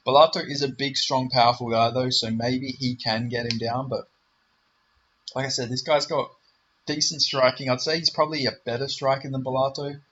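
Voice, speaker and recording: Bright-voiced young man rambling about fights. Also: medium pitch, steady tone, moderate pace, muffled recording, a little hiss or hum. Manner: rambling, filler-heavy, self-correcting; confident, enthusiastic. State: voice briefly giving out. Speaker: MMA predictions YouTuber. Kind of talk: casual solo commentary.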